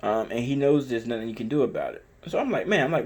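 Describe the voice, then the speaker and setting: Profane, animated man telling a story. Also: mid-range voice, fast talker, slightly rough. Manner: animated, profane, emphatic retelling; repetitive, conversational phrasing. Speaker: dog owner telling a story. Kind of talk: casual storytelling vlog.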